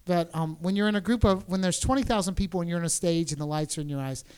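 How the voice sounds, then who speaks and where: A man's voice: sits high, fast, clear, resonant tone. Joking, rambling American man. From United States. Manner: relaxed, joking, rambling with many restarts. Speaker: interview guest, performer. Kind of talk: casual conversational interview.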